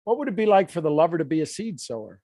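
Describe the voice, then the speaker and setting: A man coaching a live workshop, animated, acting out quoted voices and laughing often. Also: fairly high pitch, fast, no echo, clean studio sound.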